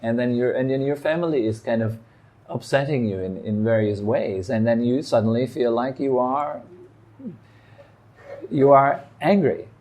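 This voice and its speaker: A man gives a meditation talk. His voice is mellow and relaxed, at an ordinary male pitch. He speaks calmly and reflectively, in short phrases broken by pauses. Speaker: meditation teacher. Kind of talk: dharma talk. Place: meditation hall.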